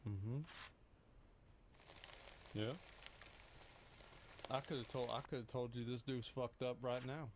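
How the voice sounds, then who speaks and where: A man's voice: medium pitch, fairly even intonation, slow pace, pauses often, background noise. A man in his thirties, a streamer reacting to a video with blunt, rambling, swear-heavy commentary. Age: 30s. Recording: clicking sounds in the background.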